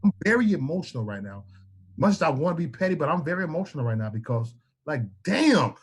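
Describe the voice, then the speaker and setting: Male panelist, husky voice, swings up and down in pitch, preachy and emphatic, curses freely. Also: sing-song, fast talker. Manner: emphatic, preachy, repeats words, swears. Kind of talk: casual political podcast chat.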